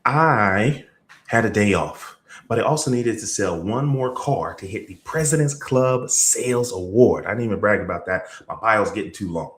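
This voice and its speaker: A man coaching on sales, telling stories in a motivational talk, energetic, with sudden jumps in pitch and loudness. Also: normal speed. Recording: roomy echo.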